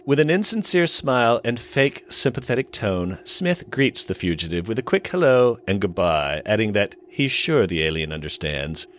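Retelling an episode's plot, this podcast co-host uses storyteller pacing and slips wry asides into his casual narration and chat. His fairly low voice is very animated at a normal speed with hardly any pauses, and there's a little hiss or hum.

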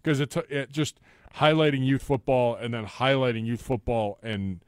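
A co-host on a sports radio show rambles through retellings of commercials, quoting the ads' lines as he chats casually. His medium-pitched voice is clean and fairly even at a normal pace, recorded at studio quality without echo.

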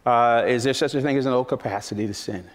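A man's voice: mid-range voice, quick pace. A man preaching a sermon as pastor, emphatic, repeating key phrases for effect. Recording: long reverb of a large hall.

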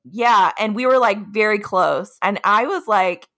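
A woman's voice: mid-range voice, unhurried, a bit bright, no room sound, clean studio sound. A woman in her thirties chatting as a guest, giggly and full of "like". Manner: giggly, storytelling, lots of "like". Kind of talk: casual chat.

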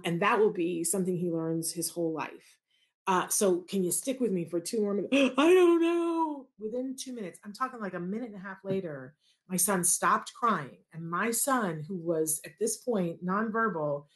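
A woman, a parent of an autistic child, telling a personal story and acting out the dialogue in a lively way. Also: on the low side, moderate pace. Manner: animated, acts out quoted dialogue.

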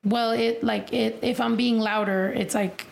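Young woman, raspy crackly voice, animated casual chat, somewhat high pitch, faint background noise. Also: unhurried. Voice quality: raspy, crackly voice from vocal cord nodules. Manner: animated, chatty, demonstrates voices while explaining.

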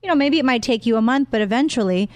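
A woman's voice: a little high, animated, fast, darkish tone, no room sound. A woman co-hosting a radio show, chatting casually and giving tips with a dry humor. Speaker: co-host.

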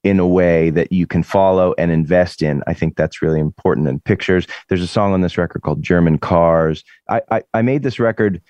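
Man, forties, from Boston, deep, dry sound, rambling, interview guest. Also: a little fast, few pauses, no echo, lo-fi sound. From Boston area, USA. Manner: rambling, restarts, animated impressions. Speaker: musician guest. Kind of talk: casual interview chat.

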